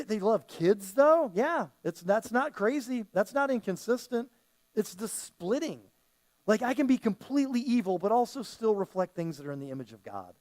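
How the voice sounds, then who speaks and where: A man's voice: high voice, darkish tone. A man preaching a sermon as pastor, talking casually and often acting out the voices he quotes.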